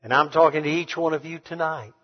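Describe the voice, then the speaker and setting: A man preaching a sermon to a congregation, emphatic, swinging between hushed and loud passages. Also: on the high side, steady tone, brisk. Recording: reverberant hall, dull sound.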